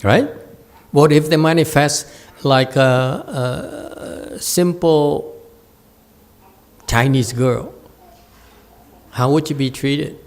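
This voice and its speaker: A man giving a Buddhist Dharma lecture, halting with fillers, often checking that listeners follow and teasing them now and then. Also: fairly high pitch. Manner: slow, halting with many fillers, asks listeners to confirm; playful teasing asides to the audience. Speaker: Buddhist teacher. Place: meditation center hall.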